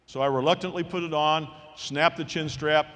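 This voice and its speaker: Man in his 60s, commencement speaker, folksy storyteller, fairly high voice, long hall reverb. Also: normal speed. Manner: folksy, animated storyteller who voices the people he quotes. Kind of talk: storytelling speech. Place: large hall at a graduation ceremony.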